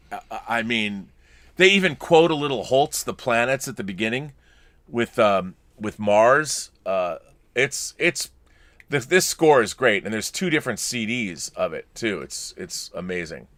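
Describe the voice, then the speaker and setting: A man with a bright, forceful, mid-range voice talks loosely on a casual podcast with lively intonation and a measured pace, breaking off and restarting his sentences. He reads viewer letters aloud between bits of chat. The sound is close and dry, with no room around it.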